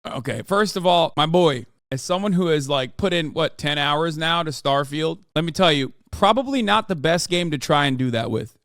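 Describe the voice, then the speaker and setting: A man's voice: on the high side, expressive, normal speed, hardly any pauses, a bit bright, dry recording, clean studio sound. A man hosting a live stream, reacting to a clip with casual, profane, mocking commentary.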